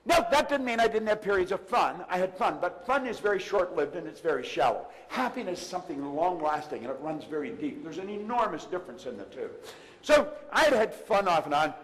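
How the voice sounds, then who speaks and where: A man's voice: high voice, lively intonation, a little fast. Emphatic older man speaking in a hall. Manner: emphatic, swings from loud to hushed. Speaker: motivational speaker. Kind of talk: live seminar talk. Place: seminar room before an audience.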